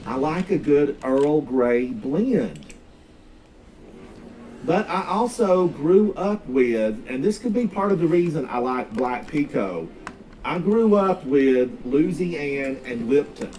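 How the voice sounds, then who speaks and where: A man from North Carolina's Smoky Mountains chats casually while streaming a game, his Southern-accented voice on the high side, slightly mellow, with lively intonation. He takes it slowly, drawling out words and rambling into folksy asides. A distant mic picks up faint background noise.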